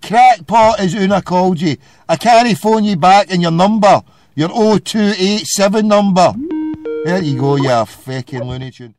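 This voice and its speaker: A Scottish call-in host with a high-sitting voice, speaking at normal speed, launches into an abusive phone-in radio rant, insulting the caller on the line.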